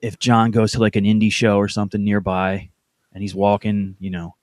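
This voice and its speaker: A man's voice: on the low side, monotone, brisk, a little mellow, no room sound. A man co-hosting a podcast in casual chat, sounding mocking and incredulous. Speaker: podcast co-host.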